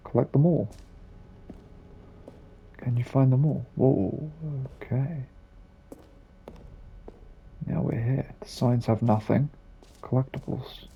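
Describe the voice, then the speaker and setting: A man casually muttering quiet asides as he plays a video game. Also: medium pitch, gravelly, dull audio, slight background noise. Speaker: game player. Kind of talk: casual let's-play commentary.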